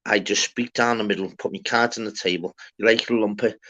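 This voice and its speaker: A man's voice: fairly low pitch, steady tone, fast, fairly bright tone. A young man with a Liverpool accent hosting a live online panel in casual chat, rambling and swearing, often asking "do you get me". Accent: Liverpool (Scouse). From Liverpool, England. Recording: slightly muffled online call audio.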